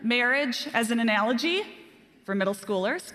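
A woman's voice: a little high, moderate pace. Woman preacher in a reverberant hall. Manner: self-deprecating storytelling, animated. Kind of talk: sermon.

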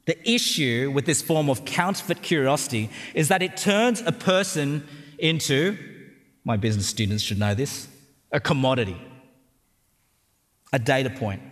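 A man with an Australian accent and a medium-pitched, somewhat bright voice preaches a sermon in a long, reverberant hall. The pastor is conversational and funny, frequently using tag questions to check in with the crowd.

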